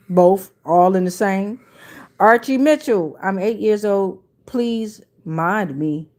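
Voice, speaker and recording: Slow, laid-back woman astrology reader. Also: mid-range voice, darkish tone. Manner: laid-back, slangy, reads viewer comments aloud. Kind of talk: casual livestream chat.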